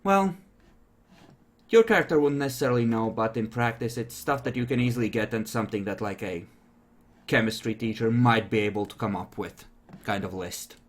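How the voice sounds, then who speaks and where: A man's voice: medium pitch, fairly quick. A man running a tabletop role-playing game, explaining things with frequent fillers. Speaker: game master.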